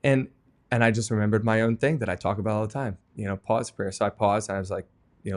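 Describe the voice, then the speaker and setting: Earnest storytelling man, low voice. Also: fairly quick. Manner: earnest, animated storytelling with laughs. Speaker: guest author. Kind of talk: conversational podcast interview.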